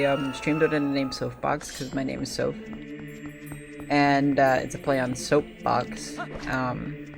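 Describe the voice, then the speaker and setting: A man streaming a video game, chatting casually and hesitantly with many pauses and fillers. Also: mid-range voice, creaky. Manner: rambling, hesitant, lots of ums. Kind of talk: casual gameplay commentary. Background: game music.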